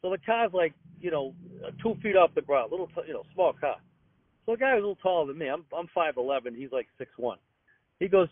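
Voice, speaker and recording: A man in his fifties with a Boston accent, a comedian ranting in a rambling, excitable way and acting out other people's lines. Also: a little high, quick pace, no echo. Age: 50s. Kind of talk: comic rant. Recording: tinny dry phone line.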